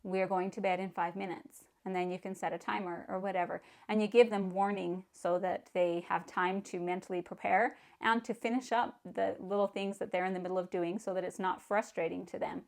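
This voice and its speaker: Middle-aged mother, earnest parenting vlogger, mid pitch, casual and repetitive delivery. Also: steady tone, a little fast, vocal fry, hardly any pauses. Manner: earnest, repeats words, frequent you-knows. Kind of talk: casual advice talk.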